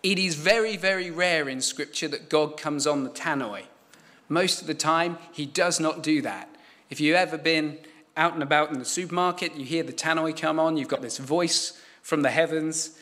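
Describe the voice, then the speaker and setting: A man preaching a sermon, measured and emphatic, repeating key phrases for weight. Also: fairly high pitch, pushed and bright.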